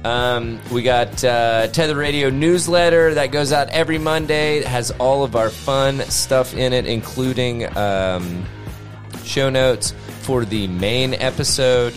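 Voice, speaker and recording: A man's voice: mid-range voice, measured pace, soft background music. A man hosting a casual podcast, joking and laughing often as he signs off the episode. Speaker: podcast host.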